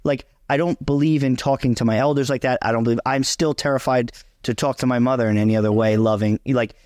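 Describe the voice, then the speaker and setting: A man's voice: mid-range voice, steady tone, fast talker, darkish tone, no room sound, clean studio sound. A young man co-hosting a casual chat, talking bluntly and emphatically, swearing freely and repeating himself for emphasis. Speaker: vlog co-host.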